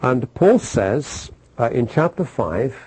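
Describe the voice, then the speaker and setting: A man's voice: medium pitch, sing-song, slow pace, darkish tone, breathy edge, low-quality recording. A man preaching a sermon, repeating phrases for emphasis and asking his listeners questions.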